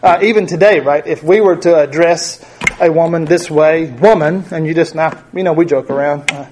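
A man's voice: a little high, fairly even intonation, moderate pace, background noise. A middle-aged man teaching a Bible study in a conversational way, often asking his group questions.

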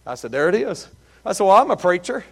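A man's voice: high voice, fast, gravelly, husky. A middle-aged man preaching a sermon, telling joking, folksy stories as pastor. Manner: folksy, joking, lively storytelling.

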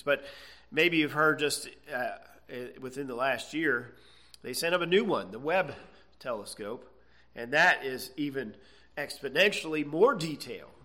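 A man's voice: medium pitch, sharp tone. A man preaching a sermon, earnest and emphatic, stretching out key words and checking in with "okay?". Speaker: pastor.

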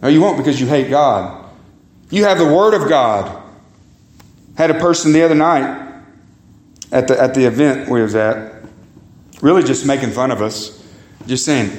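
A man's voice: expressive, moderate pace, long pauses, darkish tone, echoey room. A man preaching a sermon as pastor, emphatic, repeating words and calling the congregation "guys" and "beloved". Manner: emphatic, swings pitch high and low, repeats words. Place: church sanctuary.

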